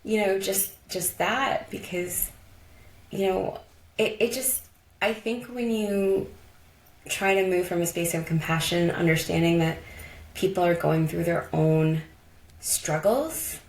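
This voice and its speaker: A woman's voice: fairly low pitch, slow. A woman from Colorado, a podcast guest, telling personal stories in a reflective, heartfelt way with lots of casual fillers. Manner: reflective, heartfelt, many "like" and "you know" fillers. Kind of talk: casual conversational storytelling. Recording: echoey room.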